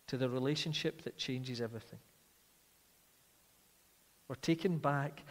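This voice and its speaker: A man preaching a sermon, earnest, moving between emphatic stress and hushed, slow passages. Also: medium pitch. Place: church. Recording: long reverb of a large hall.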